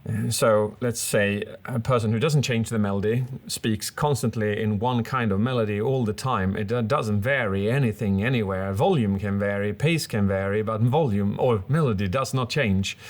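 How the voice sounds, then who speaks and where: A man's voice: on the low side, normal speed, hardly any pauses. A man co-hosting a casual commentary, analysing a speech with enthusiasm and acting out examples with his voice. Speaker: public speaking coach, co-host.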